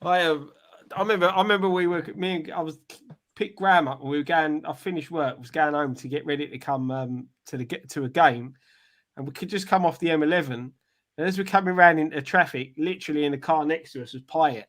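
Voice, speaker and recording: A man's voice: a little high, fairly quick, a bit bright. Casting: man, raised voice, blunt banter on a fan panel. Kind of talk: casual chat.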